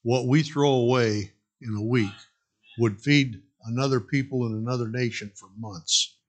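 A man's voice: mid-range voice, moderate pace. A man preaching a sermon, earnestly exhorting the congregation and telling a parable. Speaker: pastor.

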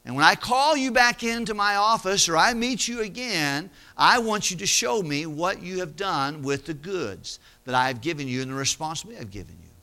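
A man's voice: sits high, animated, fairly quick, few pauses, sharp tone, full character voice. A man voicing a stern, wealthy landowner who speaks in a firm, businesslike way.

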